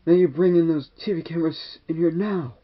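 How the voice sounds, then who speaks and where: A man voicing an unhinged male bomber who rants in a high, shouty voice, in a dull lo-fi recording. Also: a little fast, natural voice. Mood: frantic. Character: shrill ranting male psycho bomber, unhinged.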